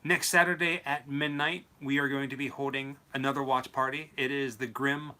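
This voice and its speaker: Bright-voiced young man chatting easily. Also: mid-range voice, level tone. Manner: easygoing, chatty, quick to laugh. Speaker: co-host. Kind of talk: casual late-night chat.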